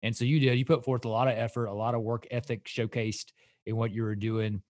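A man's voice: mid-range voice, level tone, fairly quick, a little mellow, no echo, clean studio sound. Easygoing male podcast host. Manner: laid-back, laughs along, calls the guest "man". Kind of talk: casual interview chat.

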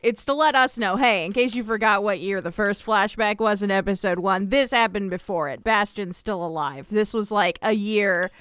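A woman's voice: medium pitch, normal speed, hardly any pauses, a bit bright, clear, resonant tone, no room sound, clean studio sound. A woman co-hosting a podcast, recapping an episode in a sardonic, casual way. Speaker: podcast co-host.

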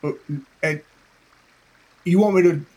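A man's voice: high-pitched, slow pace, a little mellow. A man playing in a tabletop game, talking hesitantly with many fillers. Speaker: player. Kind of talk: tabletop role-play chat.

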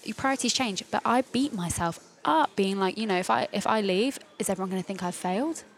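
A woman's voice: medium pitch, a little fast, low-quality recording. Candid young woman talking about dance. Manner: candid, animated, swears freely. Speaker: guest, professional dancer. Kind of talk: casual podcast conversation.

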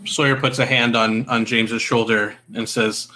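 Brief: male player, bright forceful voice, rambling casual talk. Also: medium pitch, flat delivery, normal speed, hardly any pauses. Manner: rambling, laughs often. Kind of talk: casual game chat.

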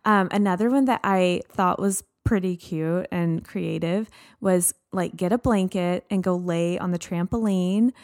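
A woman in her thirties co-hosting a podcast, talking in an animated, playful way. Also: lowish voice, no room sound, clean studio sound. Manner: animated, playful, quick to exclaim. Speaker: podcast co-host. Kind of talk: casual chat.

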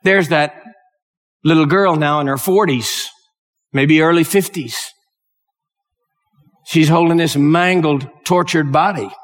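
A male preacher delivers a sermon, telling a story that builds into impassioned exhortation. His voice sits high for a man. It rings out with a long reverb, as in a large hall. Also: slow, pauses often, faint music behind. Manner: emotional, rising to impassioned exhortation.

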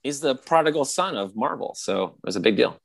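A man chatting casually on a podcast, rambling with lots of fillers and excited retellings. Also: mid-range voice, brisk, creaky. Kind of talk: casual chat.

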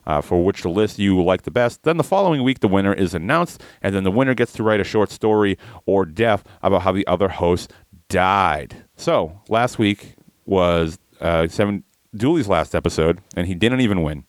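A man's voice: sits low, lively intonation, normal speed, no echo. A man hosting a comedy podcast, casually explaining how the show works with lots of ums and laughs. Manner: rambling with fillers and laughs. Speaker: podcast host.

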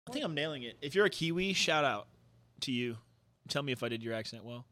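Man, podcast co-host, jokey, deadpan, mid pitch, dry close mic. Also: fast talker, no echo. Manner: joking, deadpan fake announcements. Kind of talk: casual chat.

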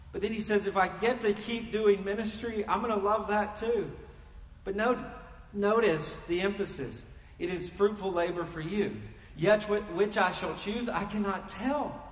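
A man with a notably high voice delivers an animated, emphatic sermon. The sound carries a long, roomy reverb, as if he is preaching in a church hall. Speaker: pastor.

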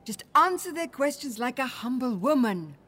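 An actress playing a sharp-tongued, worldly friend who talks in a dry, teasing, brisk way. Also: female voice, high-pitched, big pitch swings, breathy edge, heavily acted. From India.

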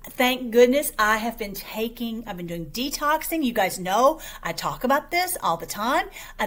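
A woman's voice: fairly high pitch, fairly bright tone. A woman hosting an online show, talking casually to her viewers in a rambling, chatty way with many restarts, her voice a little weak and short of breath.

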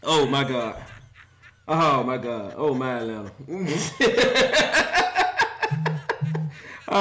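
A man's voice: a little high, sharp tone, a little hiss or hum. A man hosting a football show, mocking losing teams in casual trash talk and laughing often.

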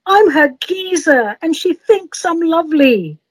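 A woman voicing an old widower in comic verse, exclaiming excitedly. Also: very high voice, a little slow, dry recording, pitched above the performer's own voice. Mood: elated. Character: grieving old widower, overjoyed.

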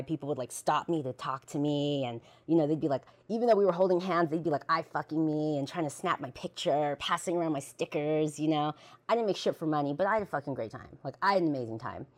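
Low-voiced woman telling blunt stories. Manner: profane, slangy, and laughs often. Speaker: podcast host. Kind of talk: personal storytelling monologue.

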